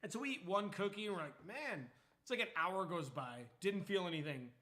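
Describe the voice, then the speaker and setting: A young man streaming, chatting casually and telling a story with lots of swearing and loud, animated retellings. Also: sits high, brisk. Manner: animated, swears freely, acts out quotes loudly.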